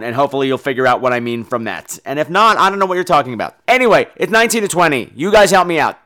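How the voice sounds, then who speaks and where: Campy, lively male podcast host. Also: mid-range voice, fast talker. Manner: campy, animated, with playful put-on voices. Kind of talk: casual solo podcast chat.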